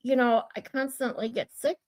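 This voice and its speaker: A woman with a Michigan accent and a high, nasal voice, chatting casually on a livestream, laughing often. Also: steady tone, normal speed, a little mellow. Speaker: livestream co-host. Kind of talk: casual chat.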